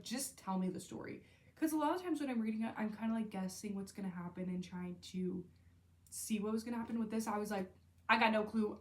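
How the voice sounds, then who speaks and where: A young woman vlogging about books she loves, gushing and emotional, full of "like" and half-finished sentences. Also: mid-range voice. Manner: gushing, emotional, lots of fillers. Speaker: book vlogger. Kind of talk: casual book review monologue.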